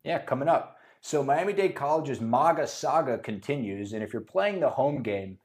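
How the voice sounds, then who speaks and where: A man moderating a real estate podcast, joking around and explaining things in a casual, lively way. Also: mid-range voice, moderate pace. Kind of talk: casual chat. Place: studio.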